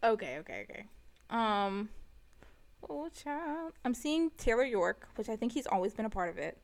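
A woman's voice: on the high side, very animated, normal speed, vocal fry. A woman co-hosting a podcast in casual chat, a little tipsy, hesitant and stuttering with many ums. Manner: hesitant, stuttering and umming a lot. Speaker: podcast co-host.

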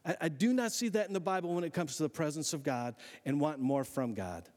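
A man preaching a sermon as pastor, telling stories in an animated, folksy, humorous way. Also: a little high, quick pace, big-room sound.

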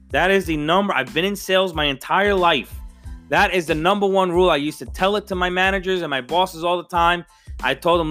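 A man's voice: fairly high pitch, pushed and bright. A middle-aged man, ranting as a sports fan, profane and emphatic, stumbling over restarts. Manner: profane, fired-up, emphatic with repeated stammering restarts. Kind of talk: heated solo rant.

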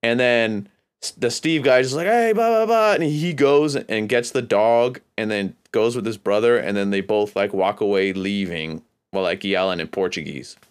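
A man's voice: fairly low pitch, steady tone, moderate pace, clear, resonant tone. A man from California hosting a podcast, telling a long, rambling, profane story in a casual, laid-back way. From California, USA. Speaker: podcast host.

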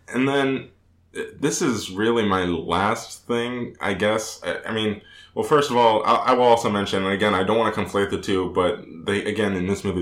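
A man's voice: lowish voice, fairly bright tone. Rambling man in a roomy echo. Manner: rambling, self-correcting, laughs often. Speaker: podcast co-host. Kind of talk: casual movie review chat.

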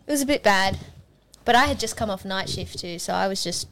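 A woman's voice: medium pitch, brisk, a bit bright. A woman, a youth leader, chatting casually and earnestly in a podcast conversation. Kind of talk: casual chat.

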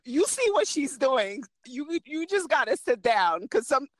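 A woman co-hosting a podcast in casual chat, an animated storyteller who laughs a lot. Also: high voice, a little slow, no room sound, rough recording. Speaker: podcast co-host and writer.

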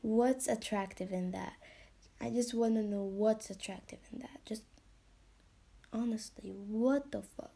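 A young woman hosts a casual podcast, talking slowly in a somewhat high, warm, soft-edged voice. She rambles with plenty of fillers and curses. Now and then she drops into a whisper. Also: creaky, slightly rough. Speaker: podcast host.

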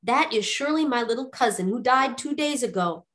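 A woman voicing a fearless, naive young man, bright and unbothered in every reply. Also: fairly high pitch, expressive, fairly quick. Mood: cheerful, unbothered.

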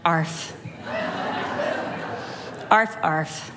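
A woman's voice: lowish voice, extremely slow, a bit bright, voice pushed down, heavily acted. A woman voicing a weary, fat pet dog that is fed up with running to the door, muttering sulkily.

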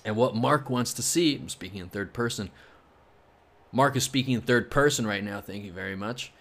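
A man talks through fight picks on his solo podcast, drifting into jokes and side remarks. His voice sits at an ordinary middle pitch, and he fills his sentences with loose, easygoing fillers. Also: moderate pace, a bit bright. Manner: rambling, joking, heavy on "you know" fillers. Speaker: podcast host.

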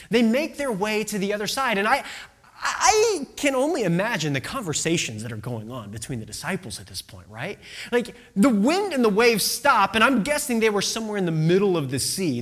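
A preacher giving a sermon, telling the story with lively acted-out quotes and questions to the listeners. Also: mid-range voice. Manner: animated storyteller who acts out quotes.

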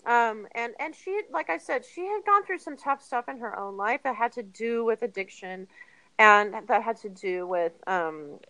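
Bright-voiced woman telling her story. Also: fairly high pitch, moderate pace, no echo, rough recording. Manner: earnest, chatty, animated retellings with laughs. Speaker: guest. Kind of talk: candid personal storytelling.

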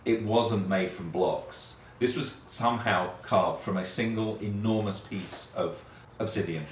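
A man narrating a tabletop horror game as game master, relaxed and descriptive, with frequent fillers. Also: on the low side, a little slow. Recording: roomy sound, distant mic, faint hiss.

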